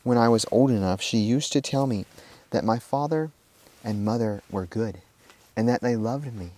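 A man's voice: medium pitch, moderate pace, dark tone, close to an everyday voice. A man reading the part of a fearful, gloomy orphan boy telling his story. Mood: sad.

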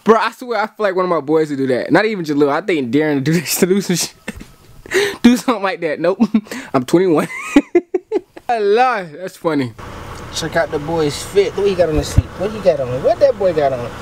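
A man's voice: on the high side, lively intonation, fast talker, husky, dry recording. A man hosting a casual vlog from his car, talking in a slangy, laid-back way straight to his viewers. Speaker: vlogger host.

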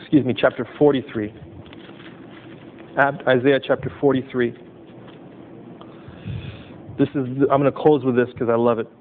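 A man's voice: flat delivery, moderate pace, long pauses. A male pastor preaching a sermon in short, emphatic phrases, then leading the congregation in fervent prayer. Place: chapel service. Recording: tinny lo-fi recording with low rumble.

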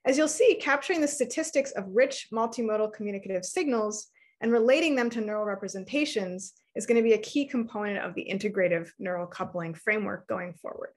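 A woman in her thirties giving an academic lecture, explaining research in a clear, measured way. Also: medium pitch.

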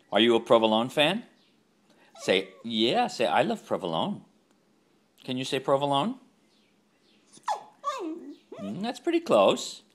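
A man's voice: deep voice, fairly bright tone. A man talking to his pet dog at home in coaxing, sing-song baby talk. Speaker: dog owner.

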